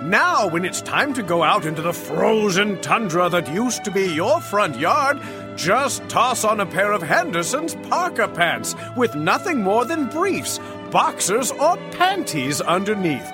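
Man plays a cheesy commercial announcer, high and sing-song, music bed underneath. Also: big pitch swings, unhurried. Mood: salesy. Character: smooth male ad pitchman selling parka pants. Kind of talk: mock radio commercial.

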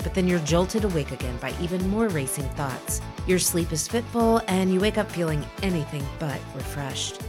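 A woman delivers a scripted motivational talk with a lively, emphatic and conversational manner. Her voice sits on the low side, and her pitch rises and falls widely as she speaks. Soft music plays faintly underneath her. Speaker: inspirational podcast speaker.

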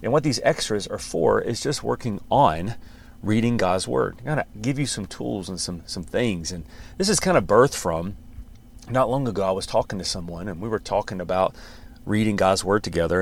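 Pastor guy chatting on his podcast, lowish voice, laughs a bit, trips over words. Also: lively intonation, normal speed, vocal fry. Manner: conversational, warm encouragement with chuckles and restarts. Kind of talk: casual podcast teaching.

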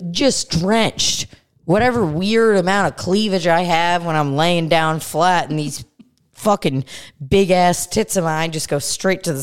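A woman with a Midwest American accent and a slightly low voice. She chats casually on a podcast and tells a crude story with plenty of swearing. She sounds exasperated and quick to rant. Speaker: podcast co-host. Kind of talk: casual comedic chat. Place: rented house in California.

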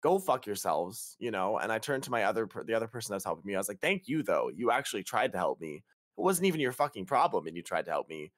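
A young man with a fairly low voice tells a travel horror story on a podcast. His pitch jumps around as he acts out the people in it, and his swearing shows his exasperation. The sound is dry and close. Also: very animated, very fast, a bit bright, no echo. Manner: profane, exasperated retelling with quoted dialogue. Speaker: podcast host. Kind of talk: casual storytelling.

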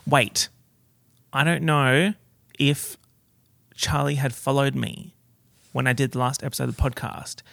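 A man's voice: medium pitch, steady tone, measured pace, vocal fry, long pauses, a bit bright, no room sound, studio quality. A man hosting a casual solo podcast, chatty and campy, full of slang and swearing, recorded on a portable recorder. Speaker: podcast host.

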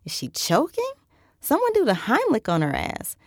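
Woman doing a shrill panicking businessman. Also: wildly swooping pitch, moderate pace, no echo, clean studio sound, heavily acted. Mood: alarmed. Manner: alarmed, shrill calling out.

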